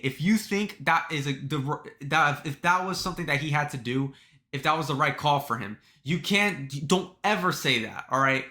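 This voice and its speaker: A man's voice: on the high side, lively intonation, moderate pace, bright, forceful tone, reverberant. A man reacting to a clip as a streamer, lecturing emphatically with many restarts. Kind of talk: casual commentary.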